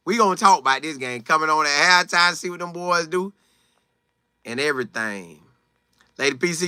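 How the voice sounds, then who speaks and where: A man hosting a live sports talk stream, reading out viewers' comments and answering them with animated, repetitive emphasis. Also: high voice, no room sound, clean studio sound. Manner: repeats phrases for emphasis, acts out quotes. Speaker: sports talk show host.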